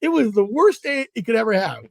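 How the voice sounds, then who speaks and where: A man's voice: very high-pitched, fairly quick, creaky, dry recording, studio quality. A middle-aged man from Southern California, a guest angler telling fishing stories in a casual interview and acting out the dialogue. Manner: animated, acts out dialogue in stories.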